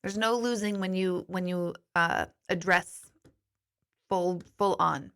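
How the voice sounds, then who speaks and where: This intuitive medium and life coach speaks slowly in a low-ish, slightly bright voice with fairly even intonation. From a studio, she reads and answers viewer comments on a frank, talkative live stream, sometimes cursing and then apologizing.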